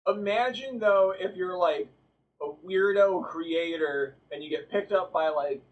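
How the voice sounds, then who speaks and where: A man's voice: high-pitched, measured pace, far from the mic, lo-fi sound. A man co-hosting a podcast in a casual chat, teasing and laughing often. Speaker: podcast co-host.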